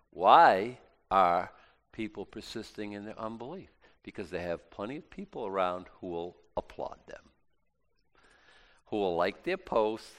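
A man's voice: lowish voice, animated, measured pace, fairly bright tone. A man preaching a sermon, reading scripture and talking it through in an emphatic, conversational way with frequent restarts.

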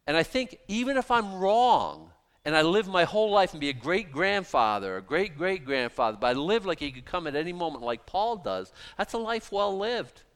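A middle-aged pastor with a drawl preaches in a loose, conversational way, throwing out rhetorical questions and voicing imagined speakers. His voice sits a little high for a man and comes across smooth and resonant. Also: sing-song, moderate pace, a bit bright. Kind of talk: sermon.

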